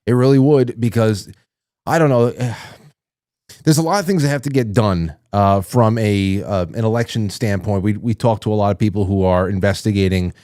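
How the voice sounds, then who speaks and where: A man's voice: on the low side, normal speed, warm tone. A male podcast host asking questions in a casual, agreeable way, often stumbling and restarting. His voice sounds close and dry, with no room echo. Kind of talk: casual interview chat.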